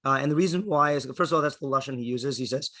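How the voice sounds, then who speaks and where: A man's voice: mid-range voice, very fast, sharp tone. A man, a rabbi, explaining a text to his class, often checking in with "okay?" and thinking aloud. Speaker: rabbi teaching a Torah class.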